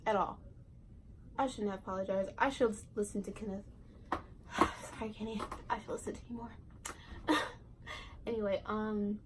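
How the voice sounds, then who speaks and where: A woman's voice: fairly high pitch, slight background noise, rough recording. A teenage girl telling a casual storytime vlog, chatty and full of fillers and asides. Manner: chatty, lots of fillers and self-interrupting asides. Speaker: vlogger.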